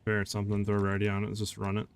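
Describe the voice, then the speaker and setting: A low-voiced man streaming a game and talking to his chat as he plays. He keeps up a laid-back, chatty stream of comments and asides. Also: monotone, very fast, clear, resonant tone. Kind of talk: casual live-stream chat while gaming.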